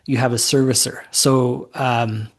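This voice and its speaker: A man being interviewed as a mortgage note investor, explaining in a relaxed, rambling way with lots of fillers. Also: medium pitch, a little slow. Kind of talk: conversational podcast interview.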